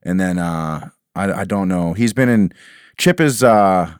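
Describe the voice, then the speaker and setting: Guy with a really deep smooth voice, rambly interview chat, lots of you knows. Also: measured pace, dry recording, studio quality. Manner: rambling, many restarts and "you know". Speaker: band member guest.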